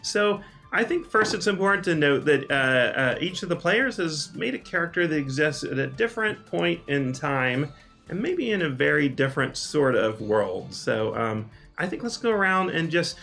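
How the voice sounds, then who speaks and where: A man as game master, explaining the rules in a relaxed way with lots of ums and uhs. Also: fairly high pitch, vocal fry. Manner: relaxed, full of um and uh.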